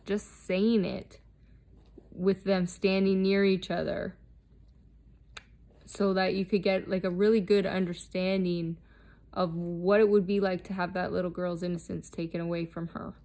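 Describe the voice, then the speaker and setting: A woman's voice: fairly low pitch, little pitch movement, moderate pace, dark tone. A woman delivering an unscripted, impassioned monologue, blunt and heavily profane, intense and defiant. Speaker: vlogger.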